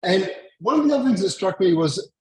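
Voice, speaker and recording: A man with an Australian accent, speaking as a guest in a conversational interview, measured and thoughtful with some light humor. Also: sits high, expressive, rough recording. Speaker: guest, mission leader and teacher.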